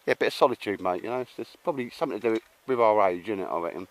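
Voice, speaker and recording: Animated and racing, the fairly low-pitched voice belongs to an older man vlogging at an outdoor campsite. It's matey, laughing, rambling casual chat with fillers, and he calls everyone mate; there's a little hiss or hum.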